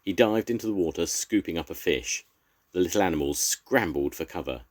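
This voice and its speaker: A man's voice: low-pitched, expressive, brisk, a little mellow. An older man, a grandfather, expressively reading a children's story aloud.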